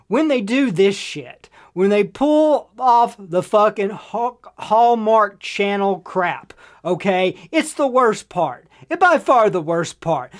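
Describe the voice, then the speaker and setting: Woman ranting, profane and emphatic. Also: mid-range voice. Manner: profane, emphatic, repeats lines for effect. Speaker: podcast host and film reviewer. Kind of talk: casual ranting review.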